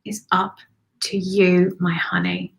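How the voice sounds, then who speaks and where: A woman's voice: lowish voice, flat delivery, slow pace, gravelly, fairly bright tone. A woman hosting a live-streamed intuitive card reading, chatty and effusive, calling listeners honey and darling. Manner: chatty and effusive, thinking aloud. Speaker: spiritual card reader and host.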